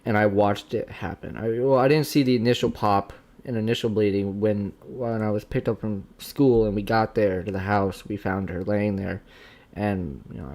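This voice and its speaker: A young man hosting his own livestream, speaking candidly and haltingly, with many restarts. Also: lowish voice, darkish tone. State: tearful, emotional. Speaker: channel host being interviewed. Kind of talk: casual livestream chat.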